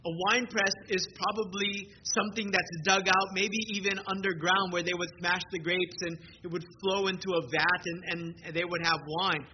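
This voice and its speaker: Male pastor, high voice, earnest conversational sermon, repeats words, dull recording with noise behind. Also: little pitch movement, normal speed, few pauses. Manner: earnest, conversational preaching with frequent word repeats.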